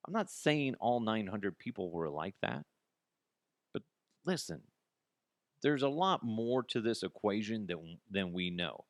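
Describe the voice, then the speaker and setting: Low-voiced guy ranting solo on his podcast, blunt and snarky, dry sound. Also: very animated, unhurried, dry recording. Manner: blunt, mocking, restarts often. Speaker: podcast host. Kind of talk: casual solo podcast rant.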